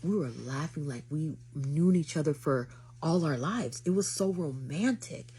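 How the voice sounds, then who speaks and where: A young woman with a notably low voice tells a date story straight to her viewers, playing up every quote with drama. A faint hiss sits under her voice. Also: a little slow. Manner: dramatic, acts out quotes, lively retelling. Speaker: vlogger telling a dating story. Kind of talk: animated storytelling to camera.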